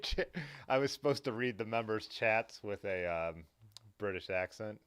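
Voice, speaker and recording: Low-voiced man hosting a casual live chat. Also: normal speed, fairly bright tone, smooth. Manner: rambling, reads viewer comments aloud. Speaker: livestream host.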